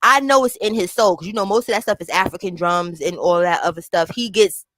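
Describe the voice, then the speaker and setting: A woman's voice: on the low side, a little fast, fairly bright tone, no echo. A woman talking in a loose, slangy casual chat, often checking in with her listener. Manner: slangy, keeps asking "you understand?".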